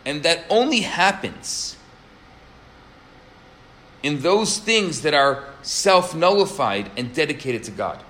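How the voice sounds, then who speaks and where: A man's voice: expressive, slow pace, long pauses, bright, forceful tone. Earnest man preaching with emphatic stress. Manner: earnest, emphatic, varies pitch and pace for stress. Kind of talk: sermon with storytelling.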